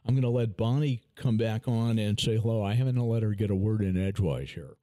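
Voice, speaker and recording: Man host, hesitant restarts, low warm voice, dry close sound. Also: brisk, dry recording. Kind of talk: casual chat.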